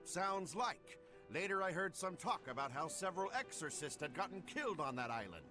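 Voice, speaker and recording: A gruff, folksy sailor in a video game, his voice pitched high and swinging widely from line to line. He spins his tale in a rough drawl while game music plays clearly underneath. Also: big pitch swings, normal speed. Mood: gossipy. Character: gruff male sailor spinning a rumor. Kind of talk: game voice acting.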